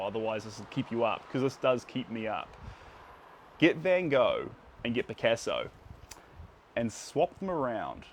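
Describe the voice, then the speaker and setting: A man's voice: medium pitch, slight background noise. Chatty New Zealand man painting live. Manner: chatty, greets viewers by name while painting. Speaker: livestream painter. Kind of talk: casual painting livestream chat.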